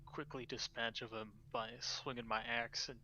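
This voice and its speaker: A man with a bright, forceful voice confidently describes his character's moves in a tabletop game. Faint hiss runs under the recording. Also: medium pitch, steady tone, moderate pace, lo-fi sound. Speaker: player. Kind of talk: casual tabletop play.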